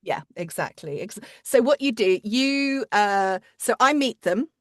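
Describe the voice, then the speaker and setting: A woman chats about her narration work, quick and full of restarts and asides. Her voice sits mid-pitch, recorded close on a dry mic with no room sound. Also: animated, dry recording. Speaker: audiobook narrator and coach. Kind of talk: casual interview chat.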